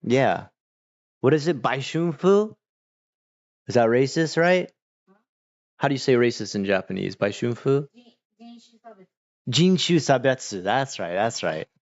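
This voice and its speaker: A man's voice: medium pitch, animated, unhurried, long pauses, highs cut off. Rambling Australian man on a stream. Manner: rambling storytelling full of "like" and restarts. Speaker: livestreamer. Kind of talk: casual chat.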